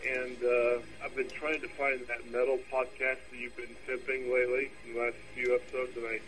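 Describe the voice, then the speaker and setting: A man's voice: mid-range voice, level tone, brisk, a bit bright, low-quality recording. A drunk man calling in and leaving a rambling message, losing his train of thought as he goes.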